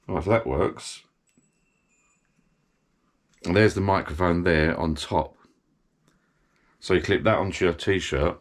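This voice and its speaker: A man's voice: low-pitched, slow pace, long pauses. A middle-aged British man chatting casually while he unboxes a gadget, rambling and thinking aloud as he goes. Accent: British English.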